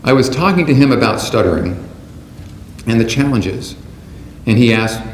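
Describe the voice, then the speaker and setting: Male keynote speaker, mid-pitched voice, deliberate scripted delivery, roomy hall echo, faint background hum. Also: expressive. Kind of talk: prepared speech to an audience. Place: large conference hall.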